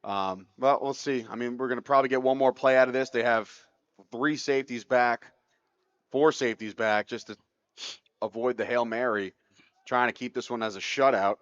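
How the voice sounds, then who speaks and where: A man's voice: medium pitch, steady tone, a little fast, a bit bright, clear, resonant tone, no room sound, dull audio. A man calling a live football game as play-by-play commentator, his voice rising sharply on big plays.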